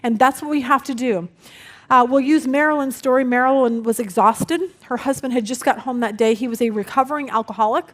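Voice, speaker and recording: A woman in her forties teaching a women's Bible study, telling stories with lively energy and acting out the people in them. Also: on the high side, a little fast, a little hiss or hum. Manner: lively storytelling, acts out quoted people.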